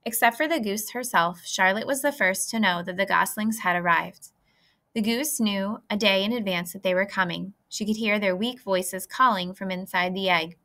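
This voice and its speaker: A woman reading a children's book aloud in a clear, lively way. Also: medium pitch, moderate pace. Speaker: reader. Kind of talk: storybook read-aloud.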